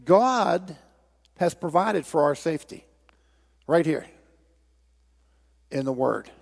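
Storytelling preacher in a reverberant hall. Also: male voice, fairly high pitch, lively intonation, slow pace, creaky. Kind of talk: sermon with a told joke.

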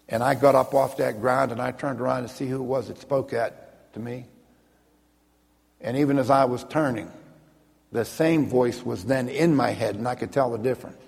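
Man, minister, personal testimony, gravelly, earnest storytelling, long hall reverb. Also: mid-range voice. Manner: vivid, earnest storytelling with slowed emphatic phrases.

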